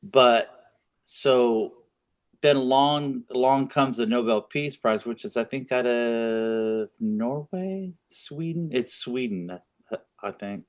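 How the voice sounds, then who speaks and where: A man's voice: medium pitch, slow. Man, podcast co-host, casual political chat, rambling, opinionated. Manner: rambling, opinionated, with frequent restarts and laughs.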